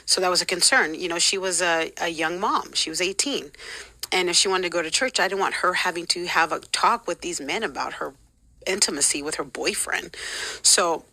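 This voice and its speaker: A woman's voice: on the low side, bright, forceful tone, no echo. A woman in her forties giving an impassioned personal testimony as a former church member, firing off indignant rhetorical questions.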